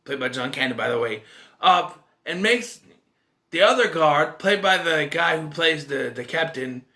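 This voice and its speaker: A man talks through a movie review in a loose, rambling way, stopping and restarting his sentences. His voice sits a little high and swings widely in pitch. The tone is bright and forward. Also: unhurried. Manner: rambling, animated, lots of restarts and filler. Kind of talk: casual solo movie review.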